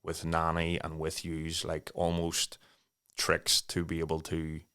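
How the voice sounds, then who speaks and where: A man's voice: a bass voice, monotone, measured pace, fairly bright tone, smooth. A man hosting a podcast, chiming in supportively during a casual chat. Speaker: podcast host.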